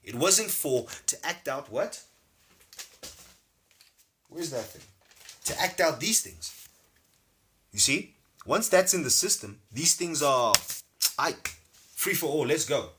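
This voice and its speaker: Brief: male teacher, thirties, bright forceful voice, rambling and playful. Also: fairly high pitch, sing-song, slow pace, pauses often, slight background noise. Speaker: spiritual teacher. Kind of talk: live-streamed spiritual lecture.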